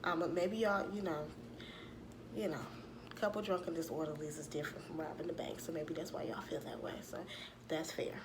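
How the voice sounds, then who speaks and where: A woman, giving a sassy, animated recap of a reality show in casual commentary. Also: low-pitched, fairly quick, noisy background. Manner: sassy, animated retelling with acted-out quotes.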